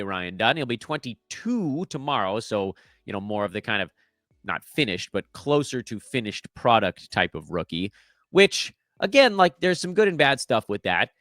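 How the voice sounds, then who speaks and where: A man's voice: medium pitch, dry recording. Guy hosting a fantasy hoops show, bouncy up and down voice, dry close mic, chatty and jokey. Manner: chatty, self-deprecating, lively sing-song emphasis. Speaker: fantasy basketball podcast host. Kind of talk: casual solo sports talk.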